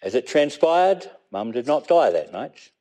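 A man in his fifties with a New Zealand accent, reading his own memoir in a measured, reflective way and weaving in Māori phrases. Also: medium pitch, very animated, warm tone. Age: 50s. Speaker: memoir narrator.

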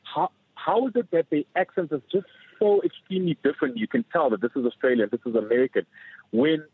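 A man's voice: on the high side, expressive, fairly quick, slightly rough, dry recording. A male caller on a radio phone-in, asking a question curiously with many fillers. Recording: tinny phone line.

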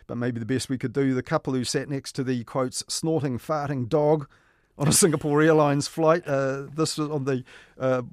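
A man chatting on radio about the media, wry and amused, often trailing off softly. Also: mid-range voice, no room sound, studio quality. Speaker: media commentator. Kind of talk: casual radio chat.

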